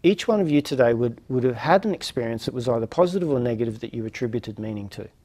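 A man's voice: mid-range voice, expressive, fast, warm tone. A man hosting a reflective lecture series, musing aloud with many fillers and restarts. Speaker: host of a non-duality lecture series.

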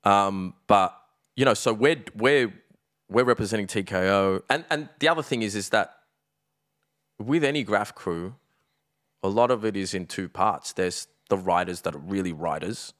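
Deep-voiced Australian man, streetwise storyteller. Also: normal speed, a bit bright, no room sound, clean studio sound. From Melbourne, Australia. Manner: streetwise, swears freely, leans on "like" and "you know". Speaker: podcast guest. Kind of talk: casual storytelling chat.

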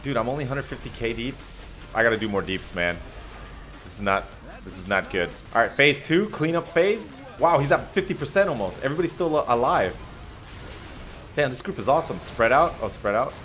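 A man giving chatty, excitable commentary while he plays an online battle game, joking and calling "dude" and "man" often. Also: mid-range voice, a little fast. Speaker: gameplay streamer. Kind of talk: live gameplay commentary. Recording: game music behind the voice.

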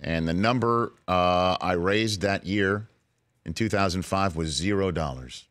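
A man in his late forties with a very low, deep voice, recounting a personal story on a sports talk show. He speaks earnestly and grows emotional at times. The studio sound is dry and close. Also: unhurried, fairly bright tone, no echo. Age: 40s. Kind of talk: casual chat. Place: radio studio.

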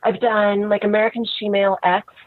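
A woman's voice: mid-range voice, fairly quick, no room sound. A woman in her thirties, a guest in an interview, talking frankly and casually with lots of "like" fillers. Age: 30s. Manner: frank, relaxed, many "like" fillers. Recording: tinny phone-like line.

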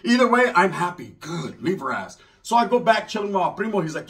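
A comedian from Northern California telling a comic story in loose, slangy speech. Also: male voice, high voice, big pitch swings, brisk, fairly bright tone. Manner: loose, slangy, conversational delivery.

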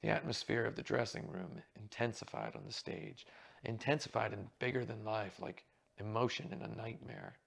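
A man quietly reading a mystery novel aloud as narrator. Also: fairly low pitch, normal speed, gravelly, husky. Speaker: reader.

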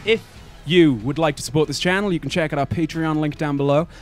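A man's voice: fairly high pitch, quick pace, soft background music. A man hosting a gaming video in rambling, self-mocking casual chat, laughing often.

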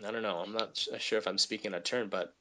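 A man in a casual interview, recounting his voice acting work with lively, high-energy enthusiasm. His voice sits on the low side yet rings bright and forceful. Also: fast talker, a little hiss or hum. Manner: high-energy, animated storytelling. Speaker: voice actor guest.

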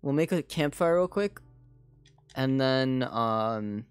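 A man chats casually while streaming a game, rambling and leaning on filler words as he talks to his viewers. His voice sits at an ordinary middle pitch. The sound is dry and close, with faint music playing underneath. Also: animated, slow, clean tone, no room sound. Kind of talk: casual live gaming chat.

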